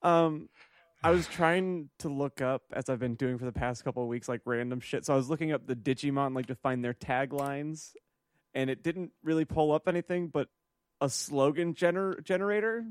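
A man co-hosting a podcast in casual comedic chat, teasing with deadpan asides. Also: on the high side, normal speed, clean tone, no echo, studio quality. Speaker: podcast co-host.

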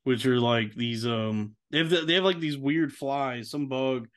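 Spinning a long, wandering story on a casual podcast, this male co-host drops "dude" frequently and does impressions of the people he quotes. He speaks in a mid-range voice at an unhurried pace.

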